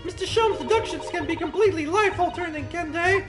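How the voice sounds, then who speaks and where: A man voicing an excitable young woman from a game in a shrill falsetto. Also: a little fast, over music. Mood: alarmed.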